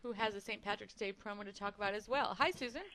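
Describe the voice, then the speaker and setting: A woman hosting a call-in radio show, brisk and upbeat as she runs the calls. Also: medium pitch, pushed and bright, slight background noise.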